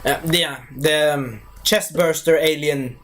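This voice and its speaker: A man's voice: a little high, fairly even intonation, takes it slowly, fairly bright tone, a little hiss or hum. A man giving a casual spoken movie review, rambling, losing his thread and correcting himself as he goes.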